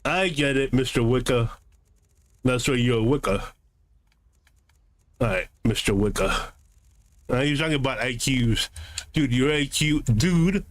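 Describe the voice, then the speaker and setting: A man's voice: medium pitch, a bit bright, no echo. A man streaming a game, answering his live chat in a combative, sarcastic, lecturing way.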